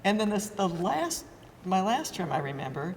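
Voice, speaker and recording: Lively older woman in a reverberant hall. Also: mid-range voice, normal speed, slight background noise. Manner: lively storytelling, laughing at herself. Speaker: former state legislator. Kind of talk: oral history reminiscing.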